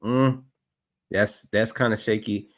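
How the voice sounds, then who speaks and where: A man's voice: lowish voice, steady tone, slow. A man commenting on footage, doubtful and repeating himself as he questions a story. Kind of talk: skeptical commentary.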